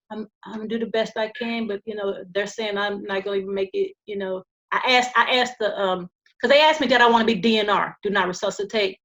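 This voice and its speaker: Female podcast guest, mid-range voice, halting storyteller with many restarts and fillers, calm and earnest. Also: mid-range voice, dull audio. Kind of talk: personal storytelling.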